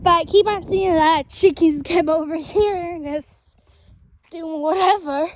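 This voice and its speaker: Super high-pitched woman chatting to viewers outside, slow easy talk, bit of wind noise. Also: poor audio. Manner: chatty, talks to viewers as guys. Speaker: vlogger. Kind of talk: casual walking vlog. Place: outdoors in a backyard with trees and chickens. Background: faint wind noise.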